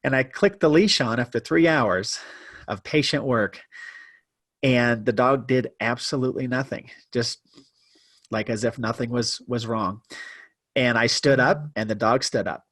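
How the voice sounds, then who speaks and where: A man telling a personal story as a podcast guest, animated and self-deprecating, shifting his pace for effect. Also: medium pitch, measured pace, no room sound, clean studio sound. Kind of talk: casual storytelling interview.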